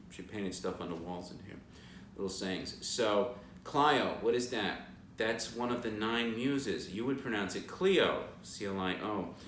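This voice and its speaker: A man hosting a casual talk to camera, an animated storyteller full of asides, recorded indoors in a large suite. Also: fairly low pitch. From moved from Boston. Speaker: guest house owner and host. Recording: roomy and somewhat distant with background noise.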